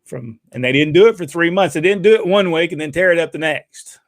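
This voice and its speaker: A man's voice: on the high side, a little fast, no echo. A man co-hosting a casual podcast, talking in a rambling, folksy way and laughing often. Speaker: podcast co-host. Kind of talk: casual chat.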